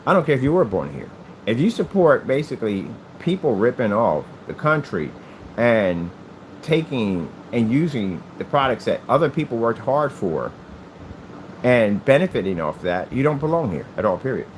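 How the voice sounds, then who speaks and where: In a low-quality recording with slight background noise, an American hobby crafter rants about his channel in a rambling vlog monologue. His mid-range voice is very animated at a normal speed, and he is emphatic and repetitive.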